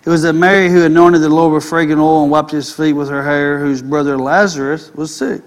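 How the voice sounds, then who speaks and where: In a fairly high, steady voice, a man preaches a sermon. He reads scripture slowly, pausing to comment, and then builds into loud, impassioned preaching.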